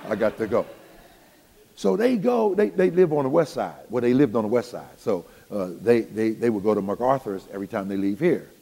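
A man's voice: mid-range voice, fairly quick, vocal fry, hardly any pauses, big-room sound. An older man, a pastor telling folksy stories to his congregation in a sermon. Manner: folksy, animated, talks straight to the congregation. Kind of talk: storytelling sermon.

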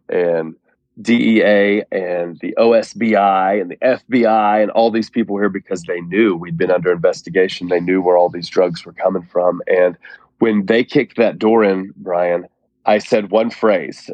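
Earnest low-voiced man. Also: darkish tone, dry recording, muffled recording. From Oklahoma. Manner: earnest, heartfelt storytelling. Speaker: guest. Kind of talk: personal testimony in an interview.

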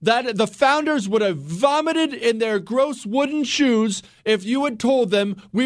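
A man's voice: extremely high pitch, lively intonation, measured pace, few pauses, no echo, studio quality. A male radio talk show host delivering a combative, sarcastic political monologue and reading listener emails. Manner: reads listener emails aloud.

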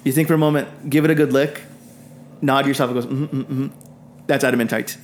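A man narrating as dungeon master, halting with fillers and restarts. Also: mid-range voice, steady tone, slight background noise. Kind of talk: narrating a tabletop game.

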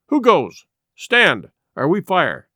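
A man's voice: a little high, sing-song, normal speed, a bit bright, dry recording, studio quality. Man reading as a stern, curt sea captain. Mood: commanding. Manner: clipped barked orders. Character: stern male ship's captain, curt and commanding.

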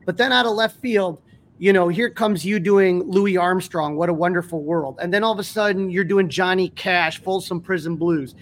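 A man with a notably high voice hosts a casual podcast interview. He builds his questions slowly and haltingly, repeating words as he gathers his thoughts. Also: fairly bright tone.

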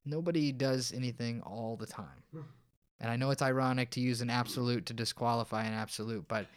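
A man's voice: medium pitch, steady tone, a little fast, clean tone. A man, a counselor guest on a podcast interview, explaining and telling stories with frequent restarts. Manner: explanatory, storytelling, many restarts.

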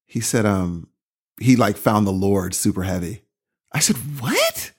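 A man co-hosting a podcast in casual chat, acting out dialogue with a rising voice. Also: measured pace. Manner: lively, quotes dialogue with rising pitch.

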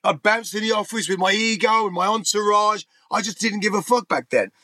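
Frank, rambling English man, bright voice. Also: sits high, brisk, no room sound. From England. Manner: rambling, frank, swears freely, restarts often. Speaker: interview guest. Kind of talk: candid conversational storytelling.

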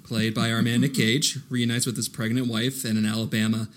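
A man's voice: medium pitch, flat delivery, fairly quick, a bit bright. A man co-hosting a casual movie podcast, recapping the plot with dry jokes. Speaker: podcast co-host. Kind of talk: casual movie-review chat.

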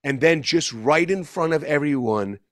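A middle-aged man spins a meandering anecdote, his speech full of restarts and quick corrections. His voice sits a touch high and sounds close and dry. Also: expressive, fairly bright tone, dry recording. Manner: rambling, self-correcting, laughs mid-story. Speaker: guest musician. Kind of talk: casual storytelling.

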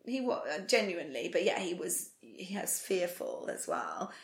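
A woman's voice: on the low side, huge pitch swings, moderate pace, creaky, echoey room. A woman recapping a TV episode in casual chat, laughing often, her voice strained from singing earlier. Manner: chatty, laughs often, bursts into playful sing-song. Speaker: podcast co-host.

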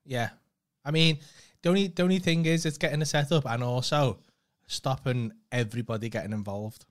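Deadpan man bantering. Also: a little fast. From Liverpool, England. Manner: deadpan, sweary jokes, low-key delivery. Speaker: podcast co-host. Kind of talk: casual banter.

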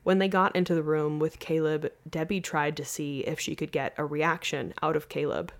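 A woman hosting a podcast, telling a story in a casual, earnest way. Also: low voice. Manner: earnest, lively, laughs easily. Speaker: podcast host.

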